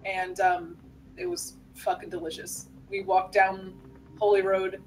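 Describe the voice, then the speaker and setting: A woman chatting casually out of character during a tabletop game, laughing a lot, swearing freely and filling pauses with ums, a bit tipsy from beer. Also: medium pitch, little pitch movement, poor audio.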